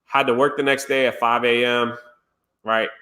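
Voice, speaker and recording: A man's voice: medium pitch, level tone, normal speed, pushed and bright. A man streamer telling a story casually and animatedly, laughing and acting out quotes. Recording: roomy echo.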